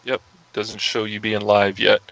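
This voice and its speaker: A man's voice: fairly low pitch, level tone, a little slow, vocal fry, a bit bright, rough recording. A man co-hosting a gaming podcast as tech support, matter-of-fact and helpful in casual chat. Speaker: co-host handling tech support.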